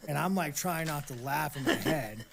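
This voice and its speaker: A man's voice: a little high, expressive, moderate pace, creaky, crowd noise. A man talking as a guest, telling stories in a casual, rambling way. He swears constantly and restarts his sentences a lot. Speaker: interview guest. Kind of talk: casual storytelling.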